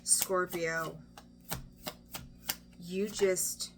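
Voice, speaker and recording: Woman, tarot reader, casual chat, blunt, swears, restarts sentences, lower voice, faint background noise. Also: steady tone, extremely slow. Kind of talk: casual weekly tarot reading.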